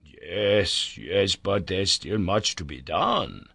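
A man voicing a worthy, earnest male Icelandic scholar who speaks slowly and courteously. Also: sits low, lively intonation, vocal fry, pushed and bright, slightly rough, no room sound, clean studio sound, exaggerated voice.

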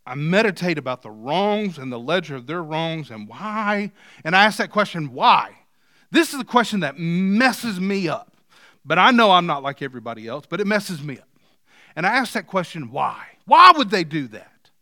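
A male pastor preaching a sermon, moving from quiet scripture reading to loud, emphatic points. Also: high voice, lively intonation, moderate pace, no echo, clean studio sound. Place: church.

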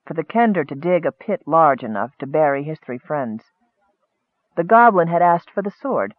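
Casting: a male audiobook narrator, measured, slightly higher voice, tinny line. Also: no room sound.

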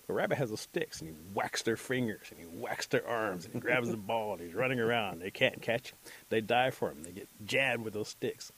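A man telling a folktale aloud as a storyteller, animated and voicing each character. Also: on the low side, a little fast, gravelly, husky.

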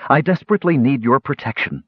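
A man's voice: medium pitch, expressive, fast, husky, no room sound, highs cut off, voice pushed up. A man voicing a uneasy, secretive noblewoman counselor in an audiobook, lifting his voice for her. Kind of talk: audiobook character reading.

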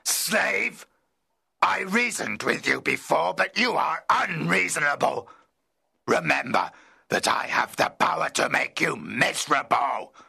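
A man voicing a vengeful, lonely male monster in a storybook reading, speaking slowly and menacingly in a half-whispered voice. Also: on the high side, lively intonation, pushed and bright, pitched above the performer's own voice, exaggerated voice. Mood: commanding. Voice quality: gravelly, raspy, half-whispered. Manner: slow, menacing, commanding.

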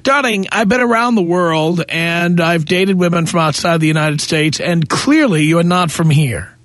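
A man's voice: fairly high pitch, moderate pace, fairly bright tone, no echo, clean studio sound. Blunt, combative radio host man. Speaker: radio talk show host. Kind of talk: confrontational call-in radio.

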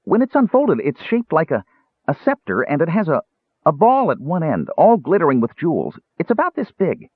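A man voicing a cheerful, chattering small male kender who talks in eager, hurried bursts, heard over a tinny phone-like line. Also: a little high, slightly rough, no room sound, pitched above the performer's own voice, heavily acted. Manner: excited prattling, eager and hurried.

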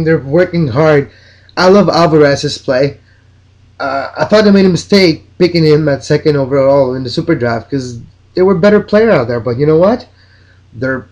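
Excited soccer podcaster. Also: male voice, on the high side. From Mexico. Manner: enthusiastic, opinionated, rambling. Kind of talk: solo podcast commentary.

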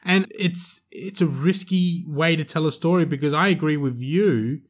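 A man reviewing a film with a friend on a podcast. His voice sits a little higher than most men's, and he talks in an emphatic, rambling way, circling back and correcting himself as he goes. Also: moderate pace. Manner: chatty, emphatic, self-correcting. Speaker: podcast co-host. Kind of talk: casual movie review chat.

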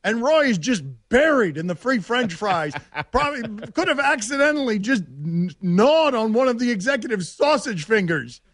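A man with a high voice that swings up and down widely, hosting a talk show in a casual, teasing way and laughing often. The sound is dry and close, with no room around it. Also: big pitch swings, normal speed, fairly bright tone, no room sound. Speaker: show host. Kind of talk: casual chat.

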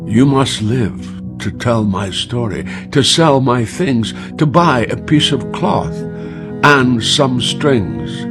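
Slow solemn man reciting poetry over guitar. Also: mid-range voice, animated. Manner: solemn, measured, softening to a hush.

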